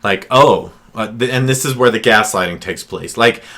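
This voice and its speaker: A man talks through advice as a counselor in a loose, unscripted way. His voice sits somewhat low. He stumbles over fillers and restarts his sentences often. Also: fairly quick, pushed and bright. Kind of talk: casual advice monologue.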